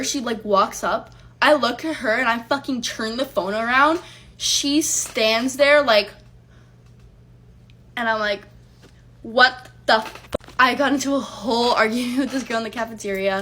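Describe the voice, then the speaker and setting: Heated and profane, a young woman recounts a story casually and emphatically, performing her own past words. Her voice runs a little high, sounding pushed and bright.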